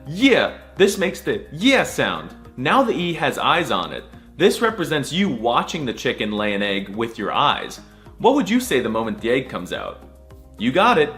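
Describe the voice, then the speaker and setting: A man teaching letters for laughs, his pitch leaping and swooping as he goes. He delivers everything with exaggerated mock seriousness and breaks into sudden squeals, with faint music running underneath. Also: fairly bright tone. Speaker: comedy language tutor. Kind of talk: comedic alphabet lesson.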